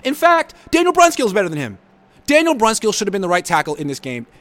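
A man's voice: sits high, wildly swooping pitch, quick pace, a bit bright, no room sound. A man hosting a live sports reaction show, reading viewer comments and answering with blunt sarcasm.

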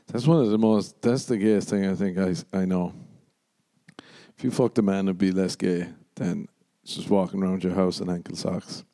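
A man's voice: sits low, steady tone, normal speed, mellow, dry recording. A man hosting a solo podcast, ranting casually with lots of swearing, sardonic asides and mocking put-on voices. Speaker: podcast host.

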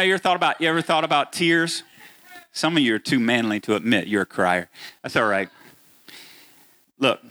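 A middle-aged male pastor, preaching a sermon and speaking straight to his congregation. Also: mid-range voice. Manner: animated preaching, addresses congregation directly.

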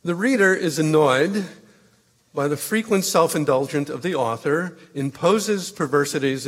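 Man reading as a stern literary critic, lecturing, corrective, mid-pitched voice, long reverb. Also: lightly acted. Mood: critical. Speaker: letter reader. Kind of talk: dramatized letter reading.

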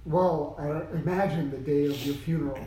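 A man in a class discussion speaks haltingly, reaching for his words. His fairly high voice sounds distant in an echoey room, with faint noise behind him. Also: steady tone, warm tone. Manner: hesitant, halting with fillers. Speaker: class participant. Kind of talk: casual discussion.

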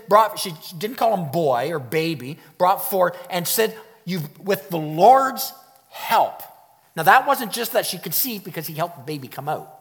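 A man's voice: high voice, long reverb tail. A man preaching a sermon. He speaks emphatically, repeats his key phrases and chuckles now and then.

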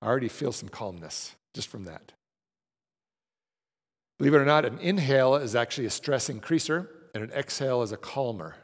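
A man's voice: mid-range voice, animated, fairly quick, breathy edge. A man leading a class through guided breathing exercises, talking conversationally and often checking in with his listeners. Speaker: class leader. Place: large room with a group. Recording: long hall reverb.

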